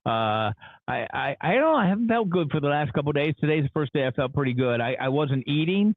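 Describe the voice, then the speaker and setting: A man's voice: fairly high pitch, animated, fast, dry recording. Radio guy phoning in, rambly candid storytelling, thin phone sound. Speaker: radio host. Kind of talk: casual morning show chat. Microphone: phone call. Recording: tinny phone line.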